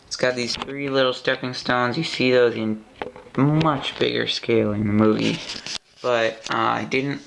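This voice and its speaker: A man giving a casual show-and-tell of a model he built at home, talking in a rambling way with many halting restarts. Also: medium pitch, creaky, fairly bright tone, a little hiss or hum, rough recording. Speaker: LEGO builder showing his model.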